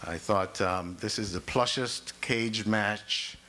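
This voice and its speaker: A man's voice: on the low side, slow pace, bright, forceful tone, slight background noise. A man running for mayor, giving a rousing debate opening statement that builds through repeated phrases. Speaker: mayoral candidate. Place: public forum hall.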